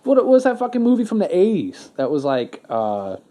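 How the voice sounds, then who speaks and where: A man chatting casually on a podcast, his voice sitting a little high yet warm and soft-edged. He rambles, swears freely and keeps restarting his sentences with fillers. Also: wildly swooping pitch, fairly quick. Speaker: podcast co-host.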